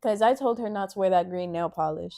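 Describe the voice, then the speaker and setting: A woman's voice: medium pitch, brisk, dark tone. A young woman co-hosting a casual chat, bluntly teasing her friend and telling a school story with acted-out quotes. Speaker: co-host.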